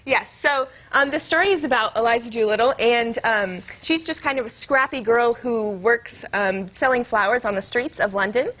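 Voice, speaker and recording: Young female student actress, TV guest, slightly high, earnest, hesitant with fillers. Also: moderate pace, hardly any pauses, fairly bright tone. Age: young adult. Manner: earnest, explains with many ums. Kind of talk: TV interview. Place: TV studio.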